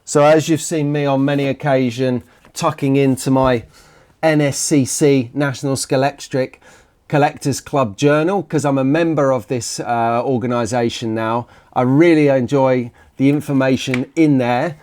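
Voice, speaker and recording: A man's voice: mid-range voice, fairly even intonation, normal speed, a little mellow. A British man talking casually to camera as a hobby vlog host, chatty and rambling, often restarting his sentences. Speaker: slot car vlogger.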